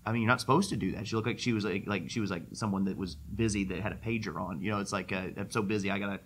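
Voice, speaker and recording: Man on a conference Q&A panel, lowish voice, relaxed chat, slight background noise. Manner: conversational, with frequent "uh" pauses. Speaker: conference speaker answering questions. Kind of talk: casual Q&A talk.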